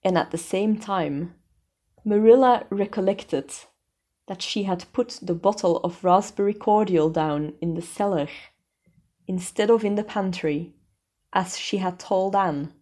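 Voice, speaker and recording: A woman narrating a storybook in a measured, even way. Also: mid-range voice. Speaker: audiobook narrator. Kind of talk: storybook reading.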